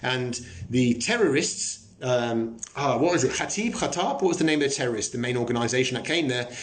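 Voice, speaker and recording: A man's voice: medium pitch, lively intonation, a little fast. A man hosting a live stream, chatting casually, joking and swearing as he answers viewer comments.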